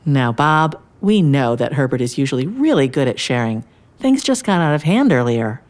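A woman voicing a gentle, wise man in a storybook tale, speaking calmly and coaxingly. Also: extremely low pitch, normal speed. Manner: calm, coaxing. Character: gentle wise male peacemaker.

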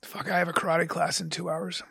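Deadpan gravelly man, dry studio sound. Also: a little high, a little fast, dry recording. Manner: deadpan, argumentative, crude. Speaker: guest host. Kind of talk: casual comedic podcast banter.

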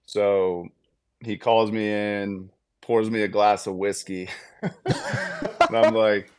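A man's voice: lowish voice, takes it slowly, clear, resonant tone, no echo, clean studio sound. A man in his thirties, a guest on a podcast, telling a long story in a casual way and acting out what each person said, with many fillers. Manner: animated, acts out quotes with lots of fillers. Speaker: podcast guest, baseball player.

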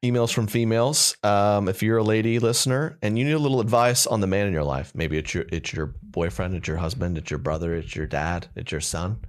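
A man's voice: fairly low pitch, a little fast, few pauses. A young man co-hosting a comedy podcast, chatting casually in a rambling, joking way full of fillers. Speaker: podcast co-host.

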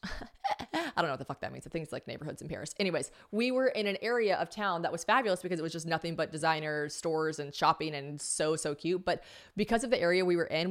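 A young American woman hosting a podcast, telling a story in a chatty, animated way with casual swearing. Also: fairly low pitch. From United States. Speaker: podcast host. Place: home podcast room.

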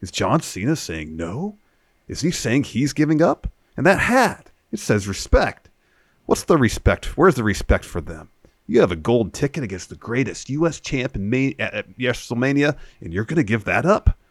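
A man co-hosting a casual show, retelling events in a relaxed way with quick asides. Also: mid-range voice, no room sound. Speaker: podcast co-host. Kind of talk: casual recap of a wrestling show.

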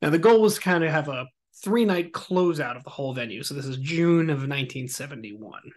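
A man hosting a podcast, telling a story in a casual, animated and joking way. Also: on the high side, fairly quick. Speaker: podcast host.

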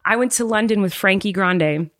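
A woman co-hosting a podcast, telling a story in a casual chat, with many "likes" and lively acted-out voices. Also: medium pitch, dry recording, clean studio sound. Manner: animated storyteller, fast, lots of "like", acts out voices. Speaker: podcast co-host.

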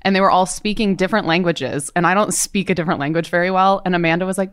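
A woman's voice: lowish voice, fast, fairly bright tone. A woman on a podcast telling an anecdote in a bubbly, eager way. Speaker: podcast guest. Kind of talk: casual storytelling.

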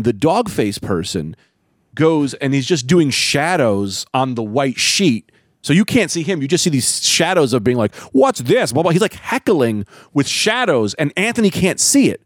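Animated man hosting a podcast. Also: medium pitch, dry recording, studio quality. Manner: animated storyteller, acts out quotes. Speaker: podcast host. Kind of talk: casual chat. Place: room above a comedy club.

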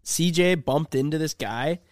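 A man's voice: on the high side, measured pace, no echo, clean studio sound. A young man hosting a casual podcast, telling a story and acting out both sides of the conversation. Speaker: podcast host.

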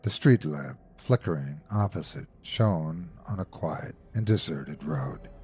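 A man hosting a horror podcast, narrating a classic ghost story in a measured, suspenseful way. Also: extremely low pitch, animated, a little mellow, a little hiss or hum.

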